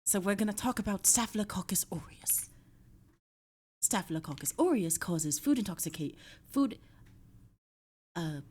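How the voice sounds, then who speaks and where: A woman voicing a breathy, strained male dark wizard as she reads study notes in a hushed, slow whisper. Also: fairly low pitch. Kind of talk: study review read aloud in a put-on voice.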